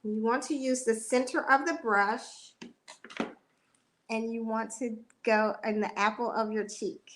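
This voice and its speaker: Woman consultant, slightly high voice, unhurried delivery, friendly demo. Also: fairly even intonation, fairly bright tone, a little hiss or hum. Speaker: beauty consultant. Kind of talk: product demonstration.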